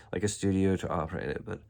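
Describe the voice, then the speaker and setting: Low, gravelly man rambling to viewers. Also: fairly quick, darkish tone. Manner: loose and disjointed, many fillers, breaks into laughter. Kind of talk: rambling solo monologue to viewers.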